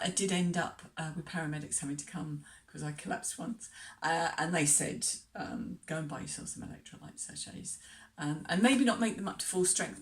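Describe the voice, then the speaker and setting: A woman travel vlogger talking casually to camera, hesitant with many ums and chatty asides. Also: medium pitch. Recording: distant mic.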